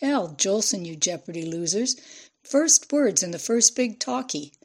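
A woman's voice: medium pitch, expressive, a little slow, darkish tone. A woman reading a brash young male media hustler who talks in a pushy, slangy, salesman-like way.

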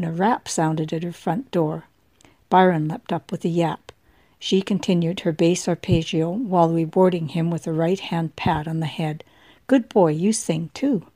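Casting: woman audiobook narrator, measured and gravelly, low and mellow, dry close sound. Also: dry recording.

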